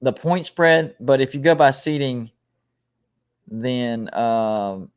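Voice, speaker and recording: A man runs a relaxed sports livestream at a middle pitch. He talks casually, rattles through ranked lists and reads viewer comments aloud, often stopping to restart a phrase. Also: takes it slowly, clean tone. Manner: rambling, self-correcting, reads out ranked lists. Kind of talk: casual live-stream chat, reading viewer comments.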